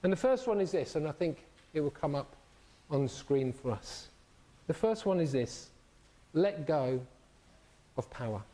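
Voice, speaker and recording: Man, sermon, high voice, animated storytelling. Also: normal speed. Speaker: preacher.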